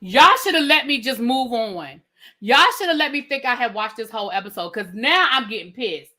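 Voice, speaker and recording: A woman reviewing reality TV live, talking straight to her chat in an indignant, animated way. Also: fairly high pitch, moderate pace. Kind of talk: live-stream rant.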